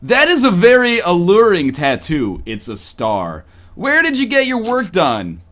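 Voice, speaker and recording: Brief: suave older charmer, purring and smooth, read by a man. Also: high-pitched, huge pitch swings, measured pace, a bit bright, heavily acted. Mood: flirting.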